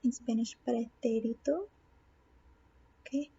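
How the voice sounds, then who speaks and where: A woman's voice: on the high side, fairly even intonation, a little slow, gravelly, dark tone, lo-fi sound, a little hiss or hum. A woman teaching a Spanish grammar lesson on video, patiently asking questions and answering them herself. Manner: patient, asks and answers her own questions.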